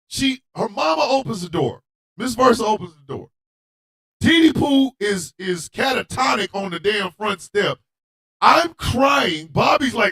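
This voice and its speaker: A man hosting a radio show, telling a comedic story in a loud, animated, profane way and often shouting. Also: high-pitched, a little slow.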